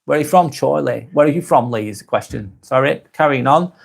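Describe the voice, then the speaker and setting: A man with a Lancashire accent, hosting a casual live vlog and reading viewers' comments aloud, then answering them in a softer, lower voice. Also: expressive, a little fast, gravelly. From Darwen, near Blackburn, northern England. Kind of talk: casual live-stream chat.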